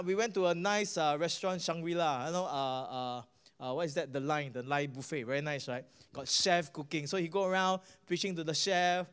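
A man's voice: high-pitched, smooth. A middle-aged man with a Singaporean English accent preaching a sermon and telling a testimony, often asking the audience "right?" and "guess what?".

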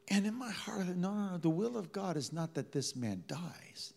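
A man preaching a sermon, telling a story with acted-out quotes, dropping to hushed tones and building to loud emphatic preaching. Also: sits high, sing-song, normal speed, creaky, few pauses. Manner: drops in Malay travel words.

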